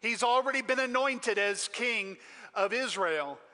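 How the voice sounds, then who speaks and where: A male pastor preaches with emphatic storytelling, his voice high-pitched and bright. A long reverb from the sanctuary trails every phrase. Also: animated, measured pace. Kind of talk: sermon.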